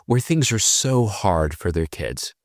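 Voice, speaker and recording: Podcast guest, a man: teary and earnest, fast and rambling, with a low, lively voice. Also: dry recording, studio quality. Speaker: podcast guest, tutoring expert. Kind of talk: emotional conversational storytelling.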